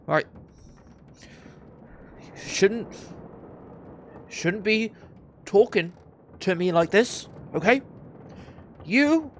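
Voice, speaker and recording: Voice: medium pitch, slow pace, vocal fry, long pauses, a bit bright, a little hiss or hum. A game master voicing a short-tempered male ship officer who barks threats at prisoners. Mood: angry. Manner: barking, threatening.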